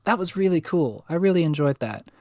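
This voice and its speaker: A man's voice: a little high, expressive, brisk, mellow, dry recording, studio quality. A young man chatting casually on a livestream, rambling and swearing with self-mocking humor. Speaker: co-host. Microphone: USB desk microphone.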